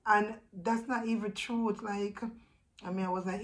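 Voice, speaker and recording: Halting Jamaican woman telling a sad story. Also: medium pitch, level tone, low-quality recording. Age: adult with a young son. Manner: halting, emotional, with many restarts. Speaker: vlogger. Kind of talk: personal storytelling vlog.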